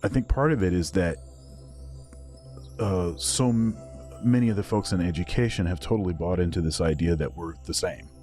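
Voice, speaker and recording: A man in casual conversation, speaking in a measured way and pausing often to search for his words. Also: deep voice, darkish tone, soft background music.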